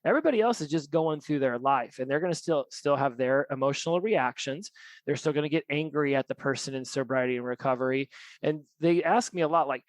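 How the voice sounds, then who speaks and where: A man's voice: medium pitch, brisk, no room sound, rough recording. A man hosting a podcast about recovery, speaking candidly and reflectively in casual conversation, with the odd swear. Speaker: podcast host.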